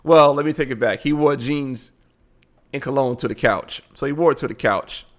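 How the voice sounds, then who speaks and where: A man's voice: mid-range voice, normal speed, faint music behind. A man hosting a live show, giving blunt, casual commentary on a video he is watching. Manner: animated, blunt, frequent laughing asides.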